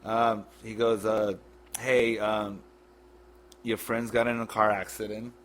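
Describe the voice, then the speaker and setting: Man with a lowish voice, casual podcast guest, blunt and halting, heavy cursing. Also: little pitch movement, a little hiss or hum. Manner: blunt, profane, halting retelling. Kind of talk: casual storytelling.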